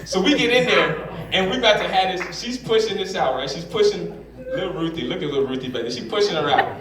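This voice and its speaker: Heard from afar in a roomy hall, this comedian's voice sits high and moves fast over a loud crowd, making the audio very noisy. His stand-up is animated storytelling, with him performing each character's voice.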